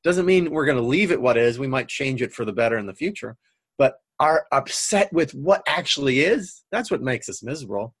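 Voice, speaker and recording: A man guest on a coaching talk show, calmly explaining his personal philosophy like a trainer. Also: medium pitch, fairly quick, breathy edge, no echo. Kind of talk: conversational interview.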